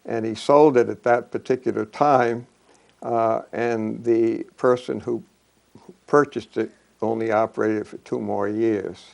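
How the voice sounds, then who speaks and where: Older man, slow gravelly reminiscing. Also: fairly low pitch, steady tone, darkish tone. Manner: halting, many fillers and restarts. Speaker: local historian. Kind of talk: reminiscing talk.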